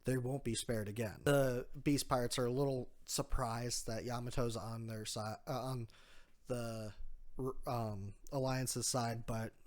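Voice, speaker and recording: A man casually recaps a comic chapter for his podcast, chatty and easygoing with quick laughs. His voice sits at an ordinary middle pitch. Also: level tone. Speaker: podcast co-host.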